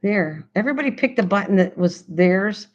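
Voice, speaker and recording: A woman hosting a casual craft livestream, chatting excitedly and answering her chat as she goes. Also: medium pitch, moderate pace. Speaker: livestream host. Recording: slightly dull lo-fi stream audio.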